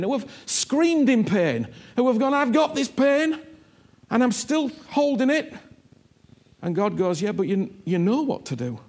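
A man preaching a sermon, his voice pitched high with a gravelly, husky edge. He leans hard on his points and repeats words as he goes. He acts out imagined speakers and sinks into a low, soft tone for prayer.

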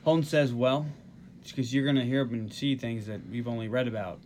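A man's voice: medium pitch, fairly even intonation, brisk, a little mellow, a little hiss or hum. A man from the Northeast US hosting a casual podcast, animatedly retelling movie scenes. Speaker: podcast host. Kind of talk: casual movie recap chat.

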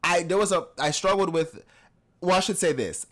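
A man's voice: fairly high pitch, normal speed. A young adult man co-hosting a podcast, telling candid personal stories in casual conversation and laughing often. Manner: candid, laughs often, animated when acting out others. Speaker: podcast co-host.

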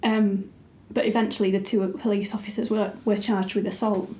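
A woman's voice: medium pitch, level tone, normal speed, darkish tone, roomy sound. A woman, a writer and editor, chatting casually and thoughtfully with frequent ums. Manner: thoughtful, a little hesitant with many ums. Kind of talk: casual conversation.

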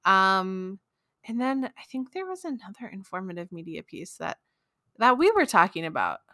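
A woman co-hosting a podcast in casual chat, enthusiastic and quick to laugh. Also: medium pitch, very animated, bright, forceful tone, no room sound, clean studio sound. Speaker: podcast co-host.

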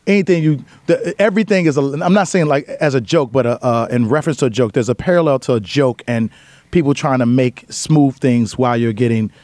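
Male comedian guest, rapid-fire, animated storyteller, dry close mic. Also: medium pitch, no echo. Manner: fast, animated storyteller acting out voices. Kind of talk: casual interview talk.

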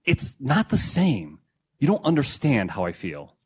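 A man's voice: mid-range voice, wildly swooping pitch, measured pace, a little mellow, breathy edge, pitched above the performer's own voice, heavily acted. A man voicing his young wife, hurt and defensive during an argument over a video call.

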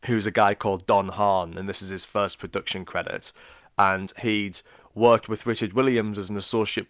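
A man with a low, resonant voice walks through film history for a podcast. He keeps it casual and informative, dropping jokes along the way. The sound is dry and close to the mic. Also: a bit bright, no room sound. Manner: informative, jokey, laughs often. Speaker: podcast co-host.

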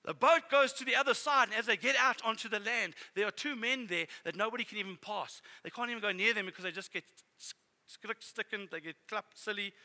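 A man preaching a sermon in an animated, exclaiming way, sometimes running short of breath. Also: sits high, fairly quick, vocal fry. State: out of breath at times. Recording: reverberant hall.

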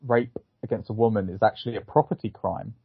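A man's voice: fairly low pitch, steady tone, quick pace, vocal fry, slightly rough, no echo. A man co-hosting a casual film review podcast, talking in a hesitant, rambling way with many fillers. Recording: phone-like thin sound, dry.

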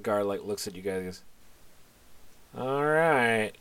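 A man's voice: low-pitched, level tone, quick pace, dry recording. A man narrating as game master of a tabletop game, loose and casual, with plenty of fillers and the odd curse.

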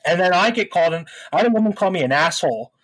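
A young man talks in a casual podcast chat, ranting profanely about rude callers. His voice sits a little high and sounds husky. He tells his stories with plenty of animation. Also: very fast, no echo. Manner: profane, venting, animated storytelling. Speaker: podcast co-host.

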